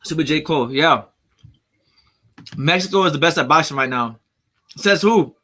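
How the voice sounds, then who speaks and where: Reading viewer comments on his casual livestream, this man rambles, circles back to the same points, and laughs at his own jokes. He speaks at a moderate pace in a slightly high voice with a sharp tone.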